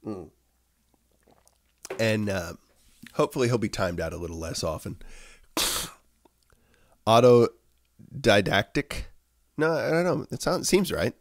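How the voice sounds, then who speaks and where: A man's voice: on the low side, sing-song, moderate pace, pauses often. A man hosting a casual morning livestream from home, rambling with fillers and cooing at his dogs. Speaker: livestream host.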